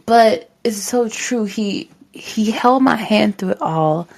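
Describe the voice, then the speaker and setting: A woman's voice: medium pitch, slow, vocal fry. Heartfelt young woman podcast host. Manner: heartfelt, encouraging, addresses listeners directly; casual, says "like" often. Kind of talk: faith-based motivational talk.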